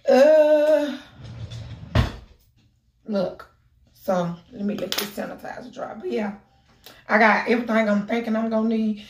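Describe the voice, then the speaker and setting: A woman talking casually to her camera in a lively, animated way, swearing freely. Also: medium pitch, a little hiss or hum. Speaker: vlogger. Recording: echoey room.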